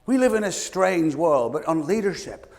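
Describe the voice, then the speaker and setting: A British man giving a leadership coaching talk to a live audience, animated, firing questions at the room and acting out what people say. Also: on the high side, moderate pace, gravelly. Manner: animated, asks the audience questions, acts out quotes. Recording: long hall reverb.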